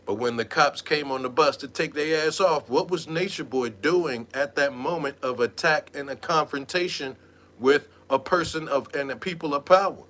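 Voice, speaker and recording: A man giving animated, mocking gossip commentary in a streetwise, slangy way. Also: a little high, normal speed. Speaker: online commentator.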